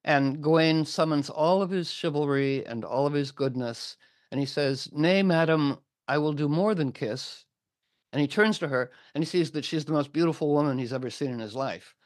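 A man's voice: fairly high pitch, brisk, no echo, studio quality. A man casually retelling an old legend, acting out the characters' lines in between filler words. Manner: animated, acts out quotes with filler words.

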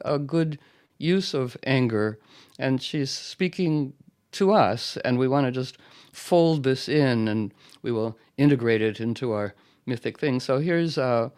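A man hosting a show, introducing a clip in a loose, rambling way with hesitant pauses. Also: medium pitch, a little mellow, clean tone. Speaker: host.

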